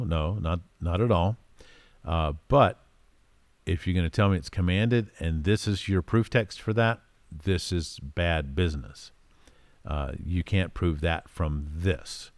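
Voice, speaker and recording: Male Bible teacher, very low voice, dry close sound, chatty delivery with lots of fillers. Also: a little slow, no room sound. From United States. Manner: conversational, frequent fillers, reads verses aloud with emphasis.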